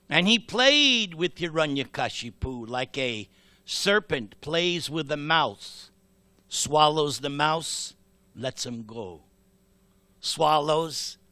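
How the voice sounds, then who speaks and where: A man giving a temple sermon, telling a scripture story dramatically and slowly, with acted voices. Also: on the high side, pushed and bright, dry recording. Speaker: temple speaker.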